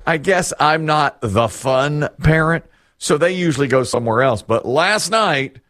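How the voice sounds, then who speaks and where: A man's voice: on the high side, lively intonation, measured pace, fairly bright tone, dry recording, studio quality. A middle-aged man hosting a casual chat, telling rambling, self-deprecating stories and laughing often.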